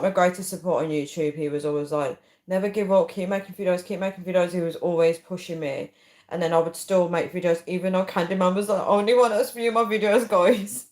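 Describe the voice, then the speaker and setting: A woman's voice: fairly low pitch, a little mellow, roomy sound. A woman hosting a casual livestream, rambling chattily with frequent ums as she reads viewer comments. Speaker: livestream host. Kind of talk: casual live chat, reading viewer comments.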